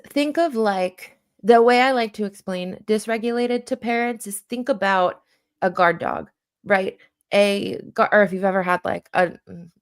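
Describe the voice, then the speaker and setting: A woman guest speaks casually in an interview, her talk full of "like" and restarts. She acts out little quoted exchanges in a livelier voice. Her pitch sits in a typical middle range. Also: a bit bright, smooth. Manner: chatty, heavy use of "like" and self-corrections; plays out little dialogue bits in a raised voice. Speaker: guest who counsels children and parents.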